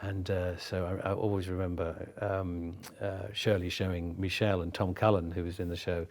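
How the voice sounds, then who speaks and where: A man from Britain, an actor being interviewed, telling witty, warm anecdotes with frequent restarts. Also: low voice, flat delivery, normal speed.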